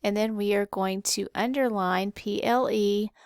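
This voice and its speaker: A woman teaching a spelling lesson, who spells words out letter by letter slowly and patiently. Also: medium pitch, fairly even intonation, clean tone, dry recording, clean studio sound. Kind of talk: slow, careful spelling lesson.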